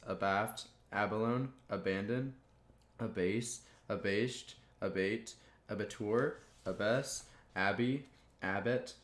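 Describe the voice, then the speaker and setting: A man's voice: lowish voice, roomy sound. A man reading dictionary words aloud one after another, tripping over hard words and chuckling at his slips. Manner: monotone word list with stumbles and chuckles. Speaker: YouTuber.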